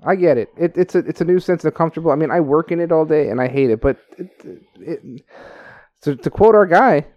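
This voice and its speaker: A man's voice: on the high side, a little mellow, no echo, dull audio. A man co-hosting a podcast in casual chat, cracking jokes. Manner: quick, wisecracking. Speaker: podcast co-host.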